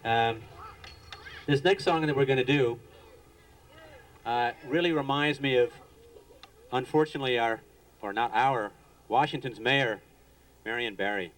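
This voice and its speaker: A man's voice: mid-range voice, a little slow, pauses often, a bit bright, slight background noise. A man in a band introducing a song with wry, rambling stage banter at an outdoor concert. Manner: rambling, wry, with many fillers and restarts. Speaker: band member introducing songs. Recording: distant live stage recording.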